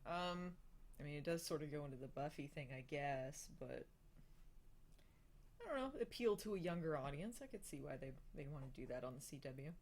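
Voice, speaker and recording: A young woman with a slightly low voice chats loosely on a live stream, laughing often. She stumbles through fillers and restarts as she reads out and answers viewer questions. Her talk is relaxed and offhand. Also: moderate pace. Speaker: host of a live hangout.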